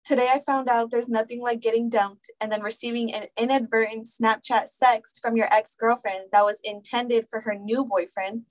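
A young woman co-hosting a podcast, reading stories aloud and reacting with gasps and loud, profane commentary. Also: on the high side, moderate pace, few pauses. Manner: animated, gasps and reacts loudly, swears casually. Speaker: podcast co-host.

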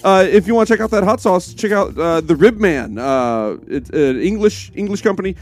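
High-voiced man reading listener mail. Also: expressive. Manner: halting, many fillers. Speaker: podcast co-host. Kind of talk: casual comedic banter, reading listener mail.

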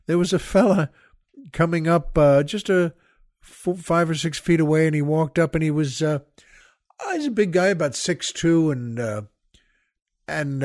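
An older man hosting a podcast, telling a rambling story with many halting restarts and asides to the listeners. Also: on the high side, dry recording, clean studio sound. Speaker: podcast host. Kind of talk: casual storytelling monologue.

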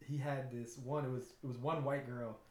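A man's voice: mid-range voice, fairly even intonation, moderate pace, a little mellow, echoey room. A man in casual chat, joking crudely and laughing often.

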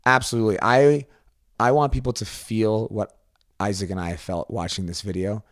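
A man co-hosting a podcast in casual chat, retelling scenes with animated energy and dropping into silly high voices. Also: moderate pace, dry recording, clean studio sound. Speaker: podcast co-host.

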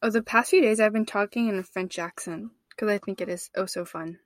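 A woman's voice: medium pitch, brisk, slight background noise. A young woman co-hosts a casual podcast and mostly answers with short, giggly remarks. Her voice sits in an ordinary middle range. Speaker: podcast co-host. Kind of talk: casual chat.

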